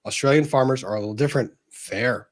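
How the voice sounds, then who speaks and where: A man's voice: mid-range voice, fast talker. Earnest man hosting a livestream. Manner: earnest, thanks viewers one by one. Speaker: livestream host reading super chats. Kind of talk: casual livestream chat.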